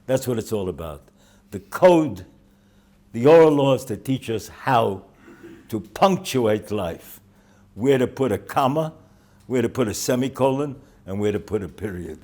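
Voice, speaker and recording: An older man, a rosh yeshiva, giving a holiday talk to students, telling stories with dry humor and pausing often with "uh.". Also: lowish voice, big pitch swings, a little mellow. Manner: halting, with frequent "uh" fillers. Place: yeshiva in Jerusalem.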